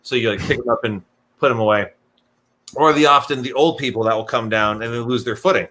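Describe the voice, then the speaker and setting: Young man, bright voice, casual storytelling, acts out voices, animated. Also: medium pitch, fast talker. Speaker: podcast guest telling stories.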